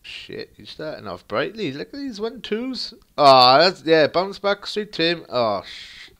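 A young man commentating his own football video game match, excitable and crude, muttering one moment and shouting the next. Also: on the high side, unhurried. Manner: crude banter. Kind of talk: live gameplay commentary.

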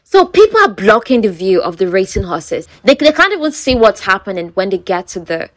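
A woman's voice: medium pitch, very animated, brisk, no echo. A woman casually retelling a romance novel, chatty, with frequent asides to the listener. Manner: chatty, asides like "you know". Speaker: book storyteller.

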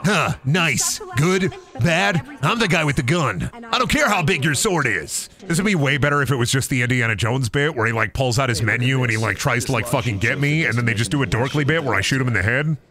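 A man's voice: mid-range voice, animated, fast, few pauses, bright, forceful tone. A man streaming a video game, talking in a crude, rambling, joking way. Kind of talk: gaming stream commentary.

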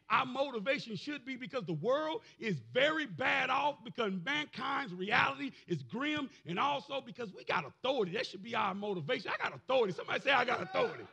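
Male pastor, raspy bright voice, preaches with shouted build-ups and call-and-response. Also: very high voice. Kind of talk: sermon.

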